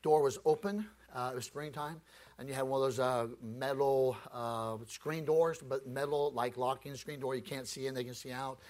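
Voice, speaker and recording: A male preacher telling a story in a sermon, animated and acting out the scenes. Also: medium pitch, normal speed.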